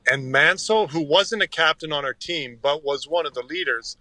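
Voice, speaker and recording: A middle-aged man tells his stories in an earnest, rambling way, often restarting his sentences. His voice is bright, at a middle pitch, and the recording is dry and close. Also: moderate pace, no echo. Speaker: podcast guest, former hockey player. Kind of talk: casual interview storytelling.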